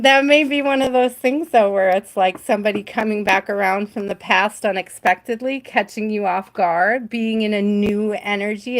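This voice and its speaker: A woman hosting a live tarot reading stream, chatty and giggly, often trailing off mid-thought. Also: mid-range voice.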